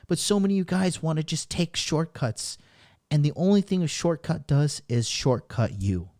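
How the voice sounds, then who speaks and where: A man's voice: fairly high pitch, lively intonation, moderate pace, a little mellow, dry recording, studio quality. A man hosting a podcast, giving a profane, emphatic motivational rant that hammers the same points over and over. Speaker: podcast host and dating coach.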